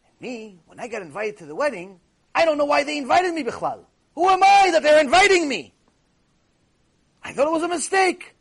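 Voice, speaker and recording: A man voicing a humble, joyful old male sage in a spoken story, telling it in a lively, self-effacing way. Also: extremely high pitch, brisk, pitched above the performer's own voice, heavily acted.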